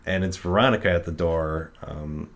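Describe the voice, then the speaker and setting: A man's voice: low-pitched, normal speed. A man casually retelling a film's plot with many fillers, often acting out the characters' lines. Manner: rambling, full of fillers, acts out quotes. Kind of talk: casual film recap chat.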